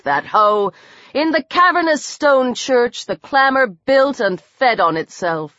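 Slow, deliberate female horror narrator. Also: medium pitch, a bit bright, no room sound. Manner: measured, dramatic horror reading. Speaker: audiobook narrator. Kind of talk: scripted narration. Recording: dull dry audiobook recording.

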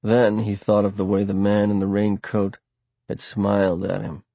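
A man narrating an audiobook in a steady, plain storytelling manner. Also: on the low side, moderate pace, dry recording, muffled recording. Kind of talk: scripted narration.

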